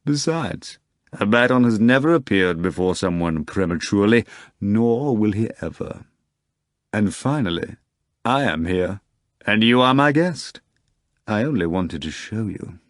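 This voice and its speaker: A man voicing a suave, commanding devil who speaks courteously and gravely. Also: lowish voice, expressive, unhurried, dry recording, clean studio sound. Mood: calm courtesy. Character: suave devilish male magician, calm and commanding.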